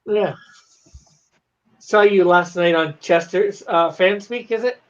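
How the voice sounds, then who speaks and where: A Canadian man with a high voice talks in a loose, rambling way, full of "um" and "you know." The audio is dull and lo-fi, like an online call. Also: takes it slowly. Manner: rambling, hesitant with many fillers. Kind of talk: casual chat.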